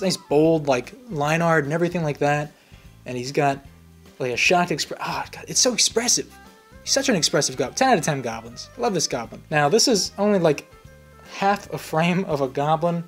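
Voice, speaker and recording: A young man hosting his channel, giving rambling, playful commentary on images, repeating words for fun. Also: a little high. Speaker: channel host.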